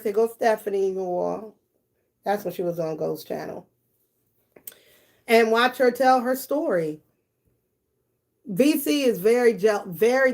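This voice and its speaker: Her voice is mid-range and a little mellow as she runs a laid-back live stream. She reads viewer chat out loud, dishes blunt, profane gossip, laughs a lot, and speaks straight to her audience.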